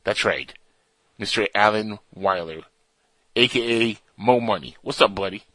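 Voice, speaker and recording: A man's voice: fairly low pitch, unhurried, pushed and bright, no echo, low-quality recording. A man hosting a radio show, chatting in a playful, goofy and rambling way. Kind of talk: casual radio banter.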